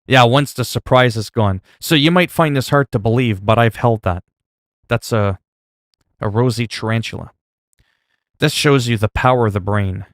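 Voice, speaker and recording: A man's voice: mid-range voice, normal speed, no echo, clean studio sound. A man chatting casually on a livestream at home into a desk mic, rambling and self-mocking with lots of fillers.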